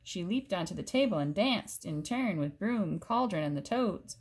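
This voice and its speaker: Animated woman reading a storybook aloud. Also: fairly low pitch, moderate pace, husky. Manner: expressive, stops to explain to a child. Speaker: story reader. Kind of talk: reading a picture book aloud to a child.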